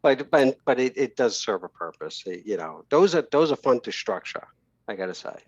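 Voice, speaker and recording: A man's voice: medium pitch, big pitch swings, normal speed, dry recording. Male guest, New York accent, blunt and self-deprecating; dull, dry recording. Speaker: guest, real estate financier. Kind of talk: casual interview chat.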